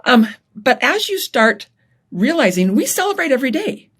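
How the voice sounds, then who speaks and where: A middle-aged woman speaking as a guest coach in a casual interview, animated and enthusiastic. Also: high voice, normal speed, husky. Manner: animated, enthusiastic, laughs often.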